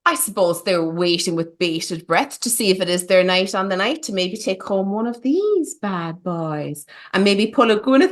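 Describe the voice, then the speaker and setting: A woman's voice: mid-range voice, lively intonation, moderate pace, hardly any pauses. A woman hosting a casual film podcast, playful and teasing, with theatrical asides. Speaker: podcast host.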